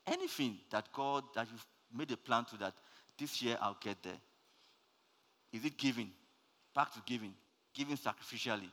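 A male preacher delivers a sermon with a bright, forceful tone of middle pitch. He swings from loud, rising calls to soft, low asides. His voice rings out with a long reverb, as in a large church hall.

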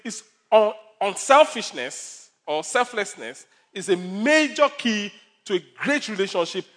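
Animated preaching man, high voice. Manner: animated preaching with numbered points, storytelling and humor. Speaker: pastor. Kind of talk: sermon.

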